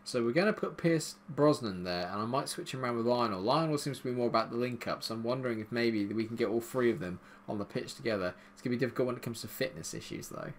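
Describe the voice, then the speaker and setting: A young man commentating his own football video game, calm between plays and shouting when goals go in. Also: mid-range voice, fast, hardly any pauses, a little hiss or hum. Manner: excitable, shouts at goals, dry jokes. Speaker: gaming YouTuber. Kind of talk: gameplay commentary.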